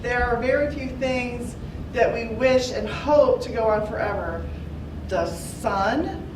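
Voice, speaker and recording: A heartfelt middle-aged woman, high voice, echoey room. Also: slow pace. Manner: heartfelt, choked up at times, with small laughs. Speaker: speech contestant. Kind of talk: impromptu contest speech. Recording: echoey room, mic from far off, noise.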